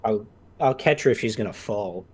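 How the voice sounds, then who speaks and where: A man playing a tabletop role-playing game, describing his character's actions in a relaxed, rambling way with lots of "like" and "you know". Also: fairly low pitch, normal speed, slight background noise. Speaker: player. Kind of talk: casual tabletop play.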